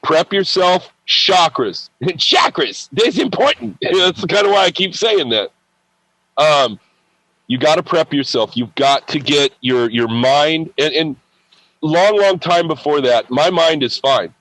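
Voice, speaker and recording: A man's voice: a little high, takes it slowly, fairly bright tone, dry recording, poor audio. A man speaking as a podcast guest. He tells a personal spiritual story, acts out the dialogue in it, and often repeats words and restarts.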